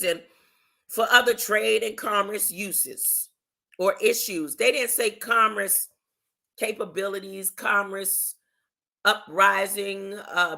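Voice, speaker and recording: A religious commentator talks casually and emphatically on a livestream, often throwing out "huh?" to the audience. Documents are read aloud slowly, broken up by slangy asides. The voice has a bright, sharp edge at a middling pitch.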